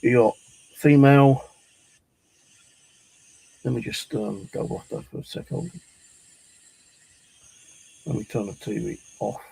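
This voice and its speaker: A man casually demonstrating ghost apps, rambling and hesitant with many pauses. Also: medium pitch, gravelly, a little mellow, husky, rough recording. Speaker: paranormal vlogger.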